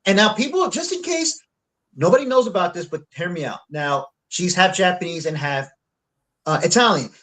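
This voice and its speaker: A man's voice: high voice, lively intonation, moderate pace, a bit bright, poor audio. A man co-hosting a casual panel chat who rambles, filling his talk with "like" and restarts. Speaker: co-host.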